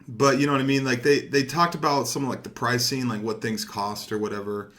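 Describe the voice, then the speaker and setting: Young male gaming commentator, mid-pitched voice, casual and rambling, quick to swear and get hyped. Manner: rambling, profane, easily excited. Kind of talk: casual commentary over gameplay.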